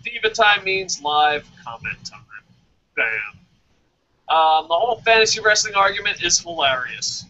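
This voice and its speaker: Casual wrestling podcast host, man, tipsy and animated, bright sharp voice, muffled lo-fi sound. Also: high voice, a little slow. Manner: excitable, often acts out quoted voices. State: slightly tipsy. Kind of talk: casual wrestling review chat. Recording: dull lo-fi sound.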